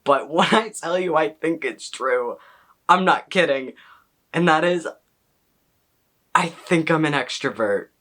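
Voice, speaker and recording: A young man chatting casually to camera as a vlogger, excitable and rambling, full of "like" and questions to himself. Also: fairly high pitch, unhurried, pauses often.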